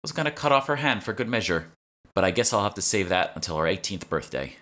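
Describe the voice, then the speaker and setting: A man voicing a sarcastic young woman with a British accent who teases with quick quips. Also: sits low, big pitch swings, fairly bright tone, voice pushed up. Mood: wry.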